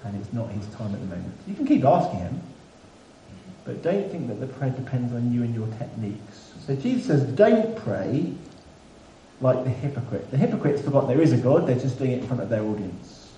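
A man preaching a sermon in a relaxed, conversational way with dry humour. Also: mid-range voice, normal speed. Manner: conversational, self-deprecating humour. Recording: echoey room, mic at a distance, faint background hiss.

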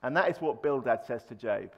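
A man's voice: medium pitch, expressive, a little fast, vocal fry, dull audio. A man preaching a sermon in a conversational way, with fillers and restarts, raising his voice to act out quoted lines. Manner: acts out quoted speech with raised voice.

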